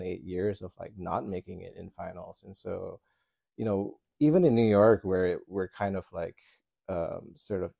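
A man with a very low, gravelly and husky voice talks about his experiences, pausing to search for words and laughing now and then. The sound is dry and close. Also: warm tone, no room sound. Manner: reflective, hesitant, laughs often. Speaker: podcast guest, dancer. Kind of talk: casual chat.

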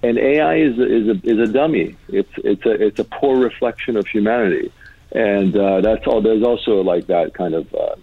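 A man's voice: on the low side, normal speed, slightly rough, no room sound. A man, a tech start-up founder and guest, explaining ideas in a casual interview, thoughtful and full of "uh" and restarts. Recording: dry, tinny phone-like line.

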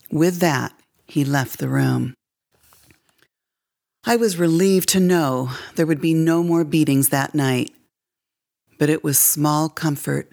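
A woman reading her own short story aloud in a measured, expressive way. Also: low voice, vocal fry. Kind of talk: audiobook-style story reading.

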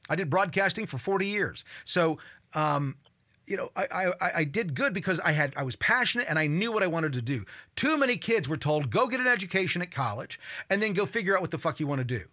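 A man in his sixties hosts a call-in radio show in a high, bright voice. He talks in an animated, worked-up way, stumbling over repeated words and cursing when something annoys him. There is a clear, forceful edge to his delivery. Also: quick pace. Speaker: radio talk show host.

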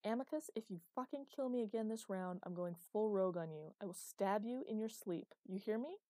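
A woman voicing a brash, crude young man who mocks his friends loudly in an audiobook. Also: mid-range voice, fairly quick, dry recording, close to an everyday voice. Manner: loud, mocking and crude.

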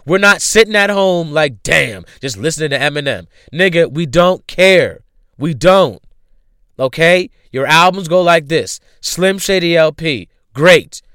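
Man, podcast host, profane rant, bright forceful voice, crisp close dry sound. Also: fairly high pitch, slow pace, dry recording. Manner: blunt, profane, rhetorical questions. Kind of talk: ranting music commentary.

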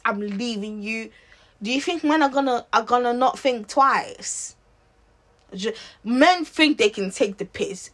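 Impassioned young woman ranting. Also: on the high side. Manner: impassioned, rhetorical questions, frequent restarts. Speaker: vlogger. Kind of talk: opinionated to-camera rant.

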